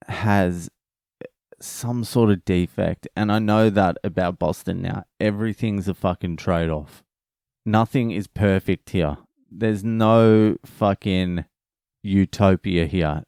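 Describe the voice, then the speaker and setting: A man tells a story in a relaxed vlog, dropping curses and retelling who said what. His voice is low-pitched and smooth. He talks at an unhurried pace. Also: no room sound, studio quality. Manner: swears freely, retells conversations. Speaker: vlogger.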